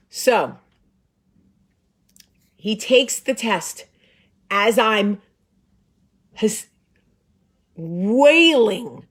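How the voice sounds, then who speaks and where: A woman in her thirties hosting a show, telling a comic story in a dramatic, profane, emphatic way. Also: medium pitch. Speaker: show host. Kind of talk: comedic storytelling.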